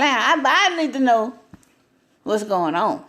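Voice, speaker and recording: Animated woman with sweeping pitch swings. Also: moderate pace. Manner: animated, voice swinging up and down, laughing often. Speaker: live stream host. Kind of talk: casual live stream talk.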